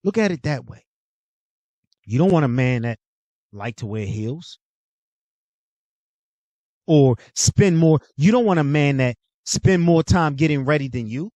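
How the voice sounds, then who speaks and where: A man's voice: on the high side, lively intonation, unhurried, pauses often, darkish tone, no room sound. Blunt profane man lecturing, dry sound. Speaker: host. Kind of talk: casual monologue.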